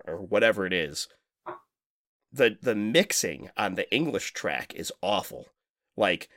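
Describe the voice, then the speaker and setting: A man talking loosely on a podcast, rambling from one point to the next, with lots of swearing and quick laughs. His voice sits in a middle register and sounds dry and close to the mic. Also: medium pitch, fairly bright tone, no echo. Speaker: podcast co-host. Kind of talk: casual chat.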